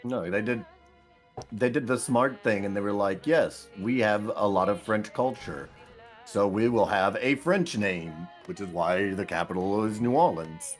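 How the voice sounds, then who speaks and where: A man's voice: lowish voice, measured pace, soft background music. An American man chatting casually while gaming, rambling with restarts and swearing. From United States. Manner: rambling, profane, many restarts. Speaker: gaming co-host.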